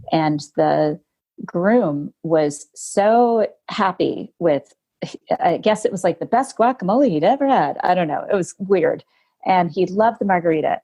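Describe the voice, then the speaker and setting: A woman hosting a podcast, telling a personal story in a lively, conversational way. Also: lowish voice. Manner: animated, laughs while telling stories. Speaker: podcast host.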